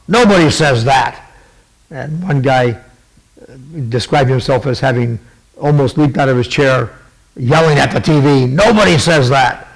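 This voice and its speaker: Podcast host, male, gravelly, mid-pitched, rambling casual commentary with lots of "uh"s. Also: low-quality recording. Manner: meandering, many fillers and restarts. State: fighting a cough.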